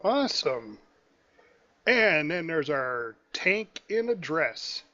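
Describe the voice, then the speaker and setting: A man hosting a gaming podcast in animated, joking banter. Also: a little high. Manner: animated, joking, quick to laugh. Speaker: podcast host. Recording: dull lo-fi recording.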